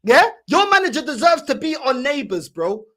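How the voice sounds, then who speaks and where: A woman's voice: high-pitched, very animated, fairly bright tone. A woman, teasing and mocking her opponent in a heated fan debate, full of slang. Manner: mocking, teasing, rapid-fire banter with slang.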